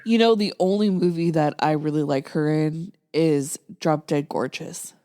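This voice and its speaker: A woman's voice: low-pitched, moderate pace, dark tone, no echo, clean studio sound. A woman hosting a podcast, chatting casually about films with short reactions and easy laughs. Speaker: podcast host. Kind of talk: casual chat.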